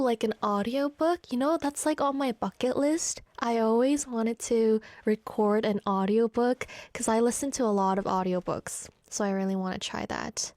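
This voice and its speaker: A woman's voice: fairly high pitch, darkish tone, no echo. A woman radio DJ chatting live and reading listener comments aloud from a studio. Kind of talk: live radio show chat.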